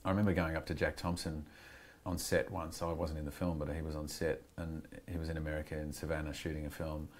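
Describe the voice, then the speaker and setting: Deep-voiced Australian man, candid and reflective. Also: level tone, fast. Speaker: guest actor. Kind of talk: casual interview chat. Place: podcast studio.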